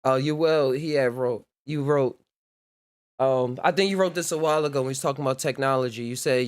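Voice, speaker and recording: Male podcast host, casual rambling chat, mid-pitched voice, frequent laughs. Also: a little fast, clear, resonant tone. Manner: loose, laughs often, rambling with fillers. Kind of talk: casual conversation.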